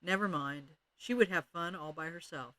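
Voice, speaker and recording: A man's voice: a little high, moderate pace, sharp tone, no echo. A man expressively reading a children's chapter book aloud. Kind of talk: read-aloud storytelling.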